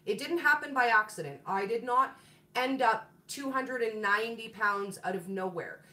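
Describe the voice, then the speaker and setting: A woman's voice: fairly high pitch, moderate pace, bright, forceful tone. Bubbly woman host in an echoey room. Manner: bubbly, greets viewers by name, laughs often. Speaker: keto food channel host. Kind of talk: casual live-stream chat.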